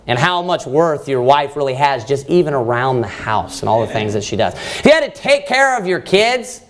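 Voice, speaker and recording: A man preacher giving a verse-by-verse sermon, animated and conversational, often restarting his sentences. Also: medium pitch, normal speed. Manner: animated, with frequent restarts and rising emphasis.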